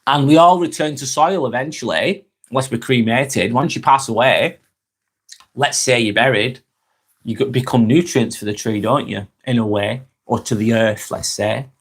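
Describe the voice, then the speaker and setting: A man's voice: medium pitch, normal speed, husky. A young man hosting a casual live stream, reading viewers' comments aloud and answering them frankly and chattily.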